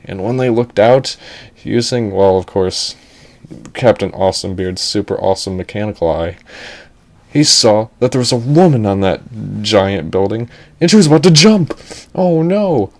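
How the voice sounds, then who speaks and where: A young man narrating a comedic animated story in a rambling, jokey way, interrupting himself with asides. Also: on the low side, normal speed.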